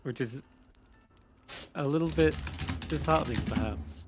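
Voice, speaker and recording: A man narrating a tabletop role-playing game as game master, descriptive and measured, with small hesitations. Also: fairly high pitch, music in the background.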